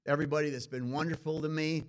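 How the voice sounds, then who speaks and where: Brief: Brooklyn-accented dean, folksy and emphatic, opening an awards ceremony in a college event hall. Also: male voice, a little high, flat delivery, quick pace. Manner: folksy, emphatic, with rhythmic rhetorical lists. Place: college event hall before a live audience.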